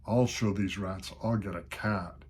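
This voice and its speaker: A man's voice: fairly low pitch, fairly even intonation, a little slow, darkish tone, slight background noise, close to an everyday voice. Older man playing a fretful old parson. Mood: exasperated.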